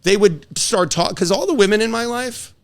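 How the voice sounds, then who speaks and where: A man's voice: high voice, normal speed, clear, resonant tone. A middle-aged man, a divorce attorney, chatting as a podcast guest and telling stories animatedly while acting out the voices of people he quotes. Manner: animated storyteller who acts out quoted voices. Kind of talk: casual conversation.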